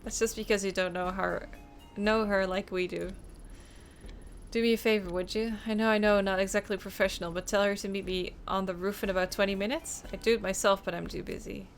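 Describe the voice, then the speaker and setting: A woman's voice: medium pitch, steady tone, fairly quick, soft background music, lightly acted. A woman voicing a friendly, chatty male detective with a put-on Texan drawl, reading game dialogue aloud. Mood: folksy.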